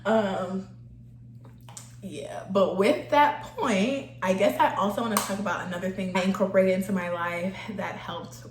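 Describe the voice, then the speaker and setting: A woman's voice: medium pitch, slight background noise. A young woman chatting casually while getting ready, laughing often and getting emotional, close to tears. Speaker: vlogger. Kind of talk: casual get-ready-with-me chat. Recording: echoey room.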